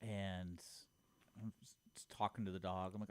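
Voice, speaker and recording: A man's voice: low-pitched, flat delivery, moderate pace, clear, resonant tone, dry recording. A man, co-hosting a radio talk show, telling funny stories and acting out the dialogue with laughs. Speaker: radio co-host. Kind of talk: casual storytelling.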